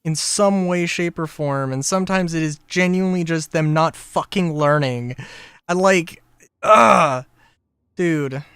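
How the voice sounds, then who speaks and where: A man's voice: fairly high pitch, measured pace, smooth, no echo, clean studio sound. A young man chatting casually on a live stream, ranting in exasperation with lots of swearing and filler words.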